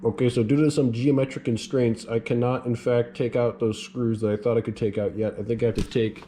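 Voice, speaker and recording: A man's voice: medium pitch, flat delivery, a little fast, warm tone. A young man vlogging as he works on his car, rambling and joking to himself as he goes. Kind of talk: casual narration while repairing a car. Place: in and around a car, near a garage. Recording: noisy background with clicks.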